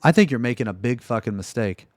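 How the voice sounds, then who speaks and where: A man streaming live, ranting in a profane, exasperated way that swings from loud outbursts to low muttering. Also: expressive, quick pace, dry recording, studio quality. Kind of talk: livestream reaction rant.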